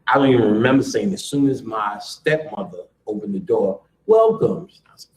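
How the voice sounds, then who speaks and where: A man's voice: on the low side, moderate pace, few pauses. Man, storyteller at a live talk, profane and laughing, roomy echo. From United States. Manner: profane, laughing, animated with quoted voices. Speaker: lecturer telling a family story. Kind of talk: casual storytelling to a live audience. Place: lecture room. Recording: roomy live lecture room.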